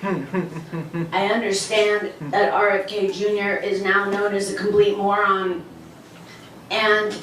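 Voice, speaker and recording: A woman playing a female talking rock who rambles on in a slow, sheepish way about her own impressions. The voice sits a little low for her. It comes through a roomy space, at a distance from the mic. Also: level tone, a bit bright, a little hiss or hum. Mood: rambling.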